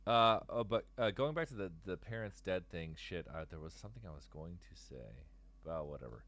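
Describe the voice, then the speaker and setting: A man's voice: sits low, fairly quick, a bit bright. A man in his forties hosting a live stream and chatting with callers, rambling, restarting sentences and swearing freely. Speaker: stream host taking callers. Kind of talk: casual chat.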